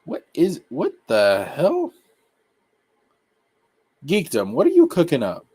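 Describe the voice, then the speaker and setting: A man hosting a casual live-stream anime review, talking excitably in slang and repeating his points. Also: fairly high pitch, slow pace, breathy edge.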